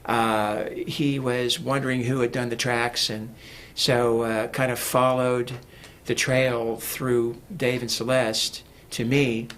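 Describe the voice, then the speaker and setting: A man's voice: medium pitch, level tone, takes it slowly, fairly bright tone, a little hiss or hum. A man talking as a guest in a casual interview, rambling with many fillers and restarts. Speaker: guest, music producer.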